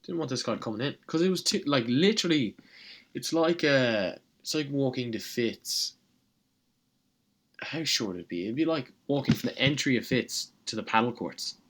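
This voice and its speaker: A young Irish man casually telling a story as an interview guest, animated and swearing freely, with lots of fillers. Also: mid-range voice, moderate pace. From Ireland. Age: young adult. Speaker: college tennis player, guest.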